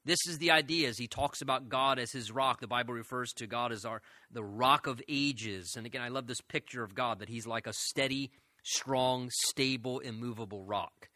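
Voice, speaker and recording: A man preaching an expository sermon, earnest and emphatic, slowing down to stress quoted lines. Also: medium pitch, sharp tone, no echo, studio quality. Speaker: pastor.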